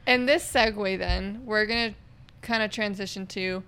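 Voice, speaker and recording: A young woman co-hosting a podcast, talking through her thoughts in a relaxed, reflective way. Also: mid-range voice, moderate pace, slight background noise. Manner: reflective, lays out points with ums. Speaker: podcast co-host. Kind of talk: casual chat.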